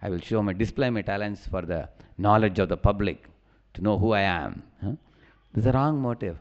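A man's voice: fairly low pitch, brisk. A man giving a sermon as a spiritual teacher, telling stories in a conversational way with frequent "huh?" and "you know" asides. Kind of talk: sermon with storytelling. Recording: dull lo-fi recording.

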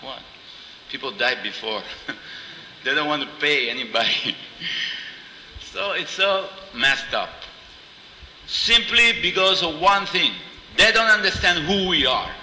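Preacher guy, super bright tense voice, storytelling and laughing a lot. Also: medium pitch. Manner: animated storyteller, acts out dialogue, laughs often. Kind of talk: informal spiritual talk with anecdotes. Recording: roomy hall echo, faint noise.

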